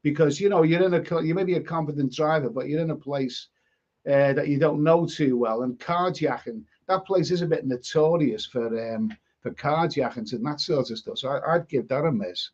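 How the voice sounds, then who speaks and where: Man from England, casual live chat host, blunt opinions, repeated false starts, dull low-fidelity sound. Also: normal speed, a little mellow. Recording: dull lo-fi stream audio.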